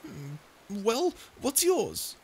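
A woman's voice: fairly high pitch, wildly swooping pitch, extremely slow, a little mellow, slight background noise, heavily acted. A woman voicing a prickly young sea creature who stammers and hides her fear behind insults, in a listener-perspective audio drama. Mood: flustered. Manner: stuttering, flustered tsundere bluster.

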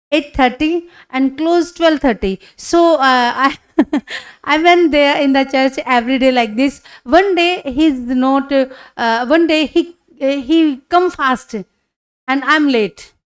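A woman, giving a personal testimony at a church conference in halting, broken full of hesitations. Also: high voice.

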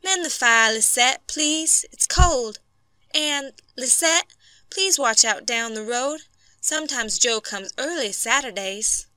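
A woman voicing a young frontier wife and new mother who speaks softly and pleads, rising into worry. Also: high-pitched, expressive, slow, dry recording, pitched above the performer's own voice, exaggerated voice. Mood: tender. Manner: soft, pleading, rising to alarm.

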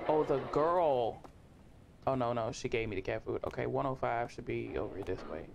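A horror game streamer giving let's play commentary, talking to themself and jumping into sudden high-pitched yelps. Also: brisk, vocal fry, background noise. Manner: talks to themself, reads game text aloud.

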